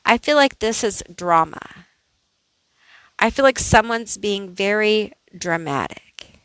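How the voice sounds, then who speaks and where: Woman tarot reader, casual and unhurried, talks it through with lots of "like"s, dry recording. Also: mid-range voice, animated, a bit bright, clear, resonant tone, no echo, low-quality recording. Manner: slow, thinking aloud, chatty with many "like"s. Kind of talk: casual pick-a-card tarot reading.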